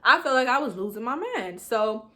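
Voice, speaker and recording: Dramatic young woman telling a storytime. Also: moderate pace. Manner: animated, dramatic, swings between loud outbursts and low asides; casual slangy storytelling straight to viewers. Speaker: vlogger. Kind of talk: storytime vlog.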